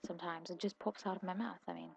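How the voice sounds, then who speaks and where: A soft-spoken ASMR chat from a sleepy woman from India, her accent a blend of Indian, British and American English. Her voice sits a little low and carries a gravelly fry. She rambles, corrects herself and hurries through her words. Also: steady tone. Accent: mixed Indian, British and American English. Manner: rambling, quick and self-correcting. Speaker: ASMR creator.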